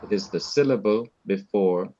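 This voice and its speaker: A man's voice: on the low side, normal speed, mellow, muffled recording. A man teaching a Hebrew class in a patient lecture style, repeating and rephrasing each point. He is heard over a video call.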